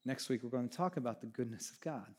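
A man preaching a sermon as pastor, animated, swinging from hushed lines to near shouting. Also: medium pitch, quick pace, breathy edge.

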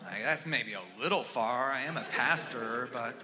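A man preaching a sermon as a pastor, swinging from loud urgent pleading to quiet, hushed storytelling. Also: mid-range voice, normal speed, background noise.

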